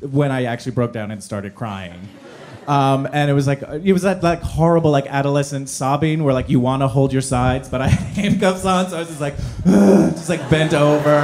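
A man from New Jersey telling a personal story live, self-deprecating and halting with many fillers. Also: a little high, darkish tone, a little hiss or hum.

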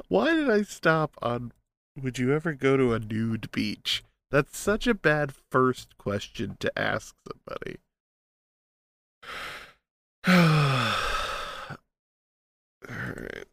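Laid-back man with lively pitch. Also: vocal fry, no room sound, studio quality. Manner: easygoing, laughs often, reads questions off a list. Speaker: podcast host interviewing strangers. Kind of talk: casual video-chat interview. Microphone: computer mic on video call.

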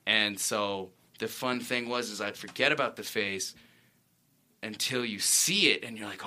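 A man's voice: lowish voice, measured pace, bright, forceful tone. A man, an actor guest, telling stories in a rambling, self-correcting way on a casual talk show. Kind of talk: casual interview chat.

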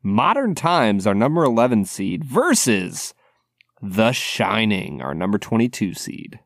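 A man's voice: fairly low pitch, sing-song, a little slow, no echo, clean studio sound. A man co-hosting a podcast, talking easily about films and laughing often. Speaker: podcast co-host. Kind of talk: casual chat about films.

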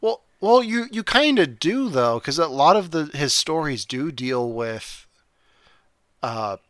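Male podcast host, bright and clear tone, dry close sound, rambling casual delivery. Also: on the high side, lively intonation, slow, no echo. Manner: rambling, hesitant, many fillers. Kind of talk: casual movie podcast chat.

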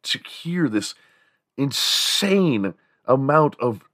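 A man's voice: mid-range voice, very animated, very slow, fairly bright tone, no echo, clean studio sound. A man hosting a podcast, rambling through a profane, casual comedic rant and now and then bursting into other people's voices. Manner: acts out quoted voices in bursts. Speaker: podcast host.

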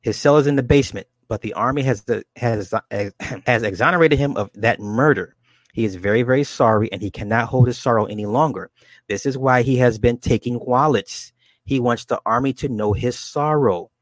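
A man reading the lines of a woman clairvoyant in a trance, in slow, measured pronouncements. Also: mid-range voice, no echo, lightly acted. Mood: solemn.

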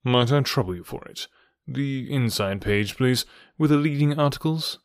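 A man reading aloud and voicing a keen, confident middle-aged detective who speaks in a measured, pointed way. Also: no echo, clean studio sound, close to an everyday voice. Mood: assured. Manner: measured, precise and pointed, voice dropped lower.

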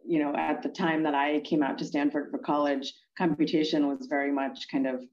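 Female interview guest from Pennsylvania, deep voice, halting answers, dull lo-fi sound. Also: flat delivery, darkish tone. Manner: thoughtful, halting, many fillers and restarts.

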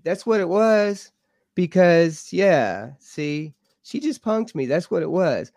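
A man tells his paranormal stories as a podcast guest, excitable and rambling, often doubling back on his words. His voice sits a little high for a man. The sound is dry and close, with no room around it. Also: slow, dry recording. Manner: excitable, rambling, repeats himself. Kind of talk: animated storytelling. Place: home studio.

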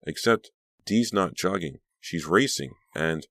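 A man's voice: low voice, expressive, slow, a bit bright, dry recording, clean studio sound, full character voice. A man reading an audiobook, voicing an anxious, troubled teenage girl who sounds tense and breathless. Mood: frantic. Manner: tense, pleading, breathless at times.

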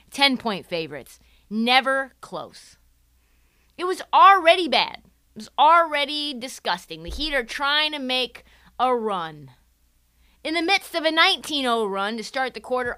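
A woman's voice: sits high, bright, forceful tone, clear, resonant tone, no room sound, studio quality. A woman ranting through sports commentary with a sarcastic, profane edge, acting out the people she quotes. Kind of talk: animated sports commentary rant.

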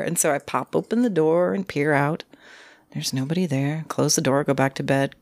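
Low-voiced woman telling a spooky story. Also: fairly quick, dry recording, clean studio sound. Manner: animated, acts out creaks and quoted voices. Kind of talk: casual spoken ghost story.

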